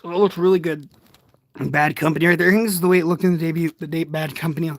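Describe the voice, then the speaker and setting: An eighteen-year-old man chatting casually from his bed during a livestream unboxing, rambling and excitable, and often poking fun at himself. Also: on the high side, racing. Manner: excitable, rambling, self-deprecating. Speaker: toy reviewer streaming.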